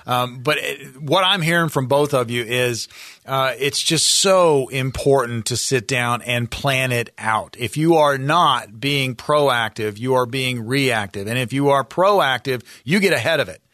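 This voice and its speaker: A man's voice: medium pitch, measured pace, fairly bright tone, no echo, clean studio sound. A man co-hosting a radio show, reading upbeat promos and urging listeners to book spots. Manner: upbeat salesy, repeats calls to action. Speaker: radio co-host and announcer. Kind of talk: radio announcer reads and promos.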